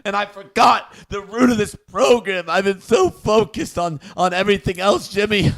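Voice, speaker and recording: Young male co-host with a high voice, stammers through a fake-emotional rant. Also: expressive, moderate pace, vocal fry, fairly bright tone. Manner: stammering, repeats himself, mock-emotional. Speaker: comedy show co-host. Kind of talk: mock-earnest comedic rant.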